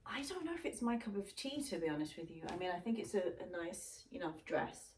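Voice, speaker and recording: A woman's voice: medium pitch, very animated, rapid-fire, slight background noise. A middle-aged woman vlogging a clothing unboxing in a chatty, rambling way with lots of ums. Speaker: fashion vlogger. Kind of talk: casual unboxing chat to camera.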